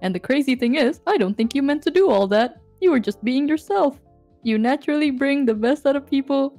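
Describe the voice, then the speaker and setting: A young woman from Southeast Asia talks over a stream call in a slightly high voice. She is playful and teasing, and also reads a heartfelt letter aloud. Faint music sits underneath her voice. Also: animated, fairly quick, warm tone. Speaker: guest streamer. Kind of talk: casual chat on a stream call.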